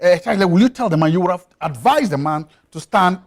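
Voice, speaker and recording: A man's voice: high voice, expressive, brisk. A man, a studio guest on a television talk show who makes his points emphatically and insistently, often repeating them.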